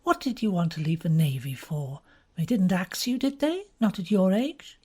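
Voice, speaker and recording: A woman's voice: fairly low pitch, lively intonation, moderate pace, warm tone, breathy edge. A woman voicing a bored, drawling young upper-class woman in an audiobook. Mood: teasing. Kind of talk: audiobook character reading.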